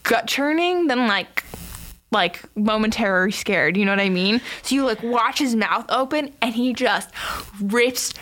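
A woman's voice: fairly high pitch, lively intonation, a little slow, a bit bright. A young woman chatting animatedly as a podcast co-host, retelling a film scene with lots of filler words.

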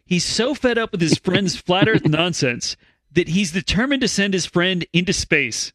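A man's voice: sits high, animated, normal speed, fairly bright tone, no room sound. A man co-hosting a comedy news podcast, reading stories aloud with jokey asides.

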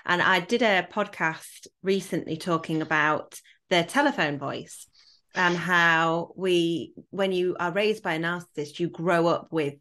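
A woman with a Yorkshire accent, hosting a podcast interview and sharing her thoughts in a measured, empathetic way. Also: fairly low pitch, fairly bright tone. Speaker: podcast host.

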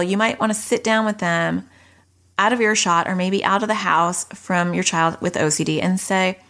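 A woman from New York hosting an educational podcast, explaining points in a direct way with quick asides. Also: fairly low pitch, fairly bright tone. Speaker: podcast host.

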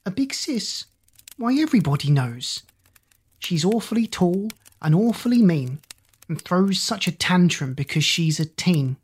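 A reader voicing a cheeky young boy who answers monsters in a chirpy, higher voice. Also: animated, measured pace, darkish tone, breathy edge.

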